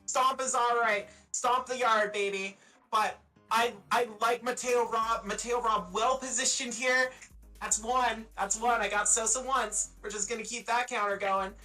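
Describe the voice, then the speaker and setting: A commentator from Eastern Canada, calling a live competitive match with energetic play-by-play. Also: male voice, extremely high pitch, moderate pace. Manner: energetic, excitable calls. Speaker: esports commentator. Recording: music bed, distant from mic.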